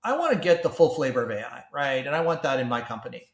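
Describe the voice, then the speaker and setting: This guest, a tech CEO from Canada, talks as a company founder on a podcast at a fast clip. He's animated, with a medium pitch, frequent restarts, and repeated words, and the room is audibly reverberant.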